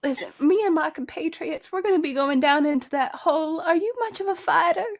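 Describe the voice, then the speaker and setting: A woman's voice: sits high, fairly quick. A woman playing her character in a tabletop game, rambling and hesitant. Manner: rambling, hesitant, self-conscious. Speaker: player. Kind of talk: casual in-character role-play.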